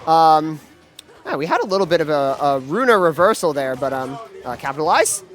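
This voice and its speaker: A man doing live play-by-play commentary at a gaming event, excitable and full of fillers and restarts. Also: a little high, brisk. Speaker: esports commentator.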